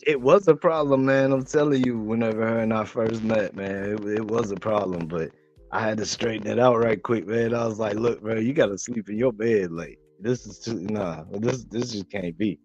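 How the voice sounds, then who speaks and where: A man hosting a casual chat, relaxed and laid-back, often saying "man" and "you know what I mean". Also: on the low side, normal speed. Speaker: host. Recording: lo-fi audio with faint music.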